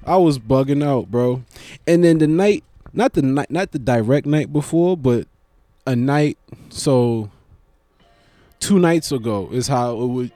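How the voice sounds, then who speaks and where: A man's voice: medium pitch, a little mellow, no room sound. A young man, a stand-up comedian, rambling sleepily and profanely at night, yawning and mocking himself. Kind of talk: late-night casual monologue.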